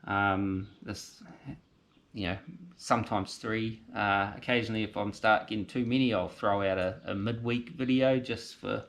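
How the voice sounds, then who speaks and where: A man's voice: fairly low pitch, steady tone, moderate pace, a bit bright. A man with a New Zealand accent hosting a casual car restoration vlog, thinking aloud and correcting himself as he works in a garage, talking into a handheld camera. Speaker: car restoration channel host. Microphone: handheld camera mic.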